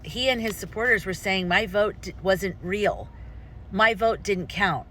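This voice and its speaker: A woman's voice: mid-range voice, a little slow, sharp tone, a little hiss or hum. A woman vlogger speaking her opinions with passion, rambling and often restarting her sentences. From United States. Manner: impassioned, rambling with frequent restarts. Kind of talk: personal opinion vlog.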